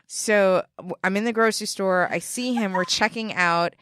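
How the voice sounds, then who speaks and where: A woman's voice: mid-range voice, moderate pace, a bit bright, smooth, no echo, studio quality. A young woman with a Yonkers New York accent, rambling through a story in casual podcast chat. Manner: rambling, filler-heavy storytelling. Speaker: podcast co-host.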